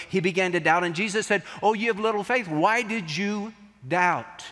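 A man's voice: on the high side, fairly bright tone, big-room sound. A man preaching an expository sermon as pastor, building to emphatic peaks.

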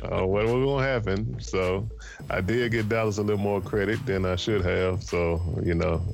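A man co-hosting a casual sports chat, easygoing and quick to laugh. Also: lowish voice, steady tone, gravelly, soft background music. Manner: slow, easygoing, laughs often. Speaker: co-host.

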